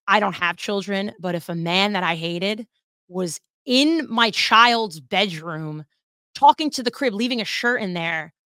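Woman podcast host, bright forceful tone, dry close sound, chatty and profane. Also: lowish voice, no room sound. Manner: animated, chatty, swears freely. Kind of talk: casual podcast monologue.

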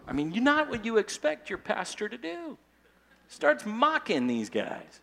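Male pastor, high and lively, animated conversational preaching style. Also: normal speed, vocal fry. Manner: animated, conversational, tags points with "okay?". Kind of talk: sermon.

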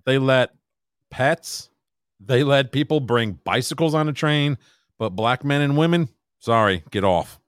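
A man's voice: medium pitch, measured pace, smooth, dry recording, studio quality. A man co-hosting a podcast, talking in a meandering, hesitant, casual way. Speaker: podcast co-host.

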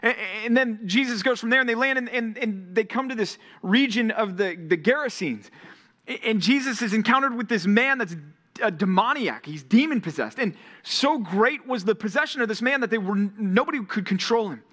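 Male pastor, sermon, bright, higher-pitched, animated storyteller. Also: normal speed. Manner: animated storytelling, acting out Bible scenes. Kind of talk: sermon to a college ministry.

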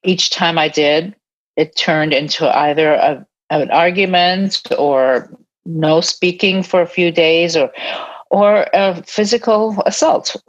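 Speaking slowly in a fairly low voice, an older woman who served as an army nurse reflects earnestly on her life during an interview, laughing softly now and then. The audio is dull and lo-fi.

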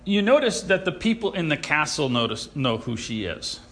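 A man preaching a sermon, animated and sarcastic, who acts out the people he quotes. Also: a little high, moderate pace. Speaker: pastor.

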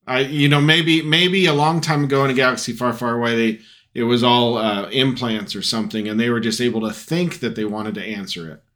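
Rambling middle-aged podcast dad. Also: male voice, medium pitch, steady tone, brisk, a bit bright. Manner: rambling, hesitant, many fillers. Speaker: podcast co-host, father. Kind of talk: casual chat.

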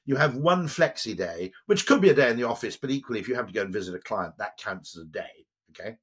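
An older man with a British accent talks as a podcast guest, rambling from point to point. His voice is husky, and his pitch swoops up and down with a lot of energy. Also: fast. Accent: British English. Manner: animated, digressive, tags lines with "okay?". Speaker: guest, advertising executive. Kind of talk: lively podcast conversation.

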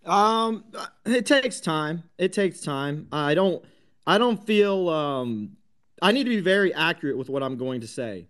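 Casting: high-pitched male host, combative, foul-mouthed rant. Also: expressive, a little slow, a bit bright, clean tone. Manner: combative, heavy swearing, many restarts. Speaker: host of a crypto talk space. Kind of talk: profane live audio-room rant.

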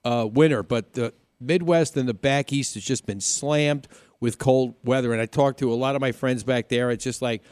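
A man's voice: medium pitch, moderate pace, a little mellow, clean tone, no echo. A man with a New York accent hosting a live weekend radio show, upbeat and jokey, chatting loosely with restarts. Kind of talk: casual radio chat.

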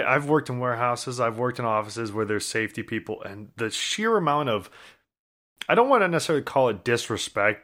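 A man in casual conversation, chiming in with quick agreements and dry jokes. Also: fairly low pitch, bright, forceful tone. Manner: wry, chimes in with short agreements and jokes. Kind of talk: casual chat.

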